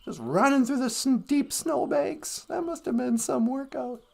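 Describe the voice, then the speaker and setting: High-voiced rambling woman host. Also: animated, measured pace, gravelly, mellow. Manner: chatty and meandering, playful asides. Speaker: live-stream podcast host. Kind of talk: casual rambling chat.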